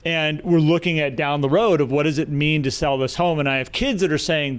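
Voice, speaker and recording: Reflective man with a smooth voice. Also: on the high side, steady tone, fairly quick, few pauses. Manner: reflective, talks about being a parent. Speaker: podcast co-host. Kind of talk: live podcast conversation.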